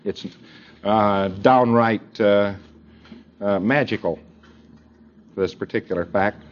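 A man's voice: lowish voice, slow pace. A man giving a lecture to students, rambling with many fillers and acting out little dialogues. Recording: dull lo-fi tape recording.

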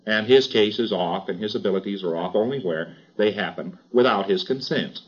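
A man's voice: on the low side, moderate pace, breathy edge, highs cut off. A man giving an informal lecture in a wry, chatty way, with emphatic asides.

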